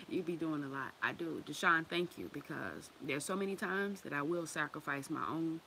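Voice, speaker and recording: A woman hosting a casual livestream, thanking viewers and telling a story in an animated, profane, slangy way, often laughing. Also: low voice, moderate pace, gravelly, a little hiss or hum, low-quality recording. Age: adult with children. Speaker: livestream host reading viewer comments.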